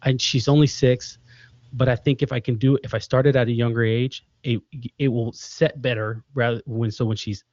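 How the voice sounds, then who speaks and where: A man in his thirties tells lively stories about fatherhood, slipping into the voices of the people he quotes. His voice sits at a middle pitch and comes through a dry, slightly muffled call line. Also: normal speed, no room sound. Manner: animated storytelling, acts out quoted voices. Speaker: podcast guest, father. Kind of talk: casual conversation.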